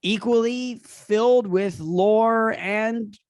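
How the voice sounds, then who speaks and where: A man's voice: high voice, takes it slowly, dry recording, studio quality. A young man co-hosting a comedy podcast, rambling and laughing often as he riffs. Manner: rambling, laughs often, drops into silly put-on voices. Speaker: podcast co-host. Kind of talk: casual comedic banter.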